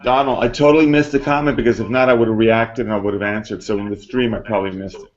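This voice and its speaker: A man on a casual video call, halting and stammering as he answers. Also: fairly low pitch, steady tone, dull audio. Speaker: guest.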